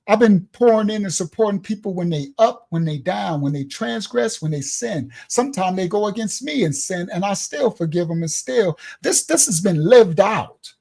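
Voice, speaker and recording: A ministry leader with a high voice and vocal fry preaches to his congregation over a livestream. He's animated and streetwise with a warm touch, laughing as he tells stories.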